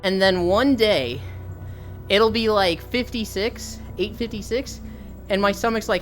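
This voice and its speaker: A woman's voice: mid-range voice, unhurried, soft background music. A young woman livestreaming while walking, telling stories animatedly, swearing freely and reading chat aloud.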